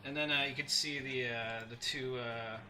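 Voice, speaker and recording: A man narrating a tabletop game as game master, halting and full of restarts. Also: medium pitch, fairly even intonation, sharp tone. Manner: halting, many fillers and restarts.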